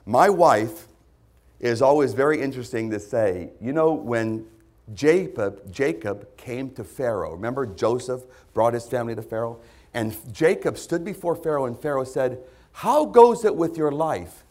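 Man, pastor, sermon, lively swooping delivery, chatty preaching. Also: medium pitch, normal speed. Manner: lively, conversational preaching with sudden loud put-on voices.

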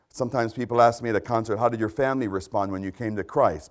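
A man's voice: medium pitch, fast talker, hardly any pauses. A man preaching a sermon, impassioned, asking rhetorical questions and repeating key phrases for emphasis.

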